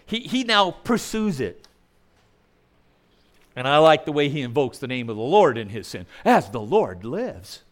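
A man's voice: on the high side, animated, normal speed, pauses often. A male preacher giving a sermon in a conversational way, putting questions to the congregation.

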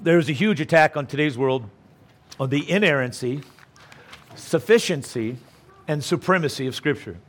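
A middle-aged male pastor delivering a sermon. He speaks with a somewhat high voice, preaching emphatically but conversationally, often turning to rhetorical questions for the congregation.

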